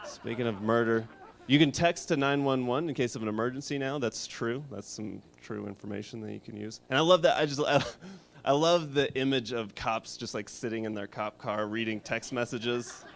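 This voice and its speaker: A man in his thirties doing a stand-up comedy set, deadpan and rambling, shouting when he acts out characters. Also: medium pitch, normal speed, gravelly. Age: 30s.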